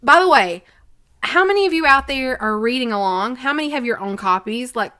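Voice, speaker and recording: A woman's voice: high voice, animated, fairly quick, bright, forceful tone. A woman co-hosting a podcast, chatting and joking as she reacts to a story being read. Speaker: podcast co-host. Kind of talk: casual chat.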